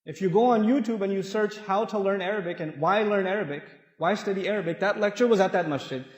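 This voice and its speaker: A man giving a lively lecture in a mosque, telling anecdotes and acting out the people in them. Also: high-pitched, fast. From Pakistan. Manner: animated storyteller, acts out quoted people, laughs. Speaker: preacher. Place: mosque hall. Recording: echoey hall reverb.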